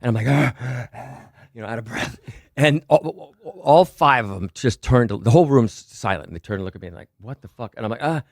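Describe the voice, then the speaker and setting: A man's voice: mid-range voice, animated, fast talker, no room sound, studio quality. A man in casual podcast chat, telling rambling stories and swearing freely.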